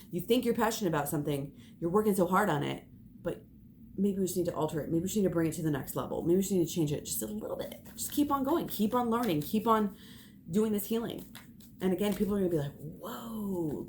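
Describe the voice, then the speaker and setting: A woman's voice: fairly low pitch, darkish tone, a little hiss or hum. A young woman giving an emphatic spiritual pep talk as a tarot reader, swearing and laughing as she speaks.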